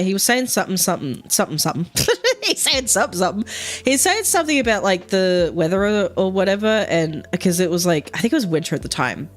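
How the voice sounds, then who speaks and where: A young woman chatting casually on a livestream, rambling with lots of fillers, frequent laughter and casual swearing. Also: medium pitch. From Australia. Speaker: streamer.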